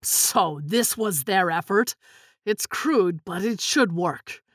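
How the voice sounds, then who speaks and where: A woman voicing a nasty male villain inventor with a slow, sneering drawl. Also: medium pitch, expressive, dry recording, studio quality, lightly acted.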